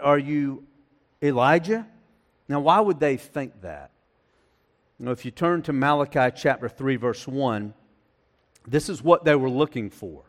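A man's voice: fairly high pitch, long reverb tail. A man preaching a sermon as pastor, talking in a conversational way with frequent restarts and fillers.

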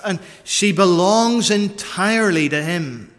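A man preaching a sermon, deliberate and repeating key phrases for emphasis, recorded in a church. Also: a little high, animated, a bit bright. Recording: long reverb of a large church.

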